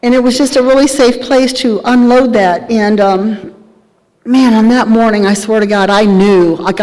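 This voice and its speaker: A woman's voice: medium pitch, a little mellow. A woman in her thirties or older, telling her recovery story at a meeting with candid, humorous storytelling. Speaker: speaker sharing recovery story. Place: large hall at a live event. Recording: reverberant hall.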